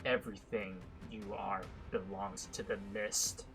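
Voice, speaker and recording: A man's voice: on the low side, level tone, unhurried, a bit bright, faint music behind, pitched below the performer's own voice. A man reading the lines of a contemptuous, inhuman male apostle in a game story, in a cold, scornful tone.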